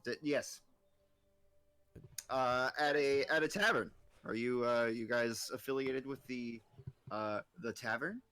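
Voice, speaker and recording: A man in a tabletop game speaking for his character in an easygoing way, with hesitant fillers. His voice sits at a middle pitch. The sound is dry and close. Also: fairly even intonation, takes it slowly, pauses often, pushed and bright, clean tone, no echo. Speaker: player. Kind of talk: casual tabletop play.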